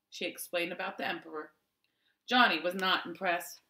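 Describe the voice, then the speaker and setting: A woman reading a children's novel aloud in a slow, careful storytelling manner. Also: on the low side, sharp tone, reverberant. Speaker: audiobook reader.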